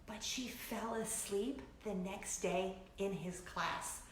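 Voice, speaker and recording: A middle-aged woman hosting a casual chat vlog, telling stories with animated energy, laughing often and acting out shrieks. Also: medium pitch, takes it slowly, reverberant, slight background noise. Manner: animated storytelling, breaks into laughter, acts out shrieks. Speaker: vlogger host.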